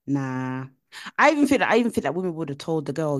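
A young woman co-hosting a podcast, telling stories with animated, playful energy. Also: sits low, fast, dry recording, clean studio sound. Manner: animated storytelling, jumps into voices. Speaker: podcast co-host. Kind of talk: casual chat.

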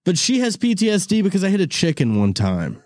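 A man telling a loose story on a podcast. He laughs through it, throws in "dude" and swears. His voice sits a little high and sounds close and dry. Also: huge pitch swings, brisk, a little mellow, dry recording. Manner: laid-back, swears, says "dude" a lot, laughs through stories. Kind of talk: casual storytelling chat. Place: studio room. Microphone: studio mic with cord.

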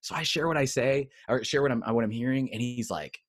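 Middle-aged male interview guest, animated storyteller, acts out quotes; mid-range voice. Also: medium pitch, fairly quick, hardly any pauses, no echo. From United States. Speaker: guest, creative coach.

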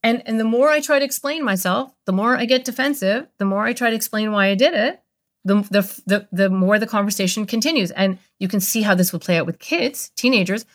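A woman speaking as a guest expert on a podcast, explaining a calming technique with quick role-play examples. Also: mid-range voice. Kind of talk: conversational interview.

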